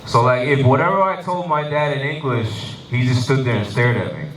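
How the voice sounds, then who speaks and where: A man doing stand-up comedy, telling animated, swearing stories and laughing at his own jokes. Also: mid-range voice, brisk, slight background noise. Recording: roomy live venue, mic from a distance.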